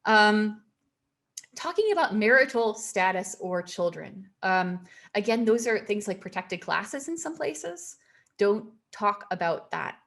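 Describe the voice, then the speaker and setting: A woman presenting a career webinar over a video call, emphatic and given to repeating her warnings with a quick laugh. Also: medium pitch, sing-song, vocal fry, a bit bright.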